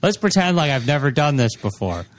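A man's voice: medium pitch, very animated, a little fast, no room sound. A man playing his character in a tabletop game, bumbling and hesitant. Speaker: player.

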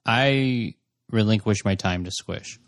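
A man's voice: lowish voice, slow pace, no echo. A man playing a tabletop game, chatting casually and making wry, dry remarks. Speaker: player.

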